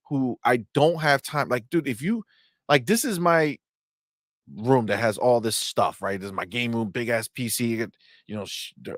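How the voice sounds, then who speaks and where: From his home game room, a man in his thirties co-hosts a casual gaming podcast, chatting animatedly with plenty of fillers and swearing. His voice is mid-range, and the recording is dry and studio quality.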